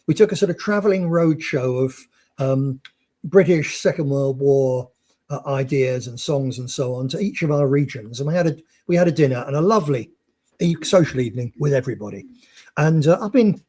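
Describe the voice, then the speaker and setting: A man's voice: fairly high pitch, dark tone. A man telling an anecdote with many fillers and restarts, then reading a prepared text aloud. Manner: rambling storyteller with frequent restarts and fillers. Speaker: speaker presenting a project.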